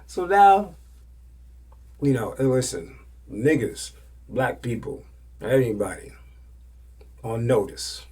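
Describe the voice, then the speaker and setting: A man hosting a podcast, telling stories casually in loose slang and often dropping to a hushed whisper. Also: mid-range voice, very animated, slow pace, long pauses, slightly rough. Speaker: podcast host. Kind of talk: casual storytelling.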